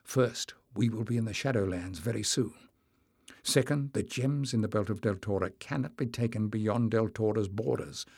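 A man's voice: lowish voice, gravelly, slightly rough, no room sound, clean studio sound. A man doing an earnest young hero. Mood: hushed. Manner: hushed then firm and earnest.

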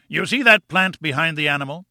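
A man doing a booming old professor who lectures with open contempt, his voice pushed well above the reader's own and bright and forceful at the edges. He sounds triumphant and sure of himself, close and dry against the mic. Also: fairly quick, vocal fry, dry recording, heavily acted. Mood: lecturing. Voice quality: booming and scornful. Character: pompous, contemptuous older male professor.

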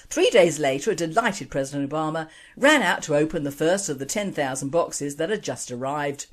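A woman's voice: sits low, expressive, brisk, hardly any pauses. A woman hosting an online radio show, reading opinionated scripted commentary and jokes. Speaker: radio host.

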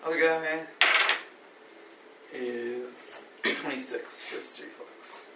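A man's voice: mid-range voice, fairly even intonation, slow. Man making goofy sound effects at the table. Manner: reads out rolls, makes silly sound effects. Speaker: player. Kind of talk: casual tabletop play. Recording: roomy table recording, mic far off, noisy.

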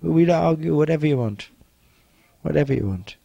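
A man giving a self-help teaching talk, speaking slowly and repetitively, gently insistent and often dropping to a soft, quiet delivery. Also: a little high, expressive, gravelly, no echo, lo-fi sound.

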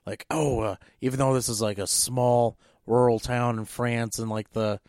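A man co-hosting a movie podcast, ranting in an animated, exasperated way with lots of fillers. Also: medium pitch, moderate pace, dry recording, clean studio sound. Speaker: podcast co-host. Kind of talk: casual movie-rant chat.

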